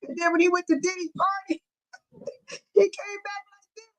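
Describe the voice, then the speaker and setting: A woman's voice: very high voice, fairly even intonation, normal speed, pauses often, low-quality recording. A woman hosting a casual livestream, laughing hard and breathless as she talks to her chat. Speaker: livestream host.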